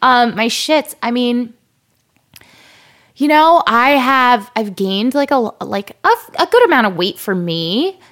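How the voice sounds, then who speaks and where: A woman's voice: a little high, expressive, slow, a bit bright. A woman in her thirties co-hosting a podcast, chatting casually with lots of fillers and telling stories about her little son. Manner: chatty, many fillers, tells stories with playful voices. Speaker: podcast co-host. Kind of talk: casual chat.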